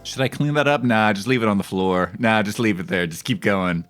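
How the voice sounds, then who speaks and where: A man's voice: on the low side, brisk, fairly bright tone, soft background music. A man streaming a cooking game, chatting casually and making crude, rambling jokes with lots of fillers. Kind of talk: casual gameplay commentary.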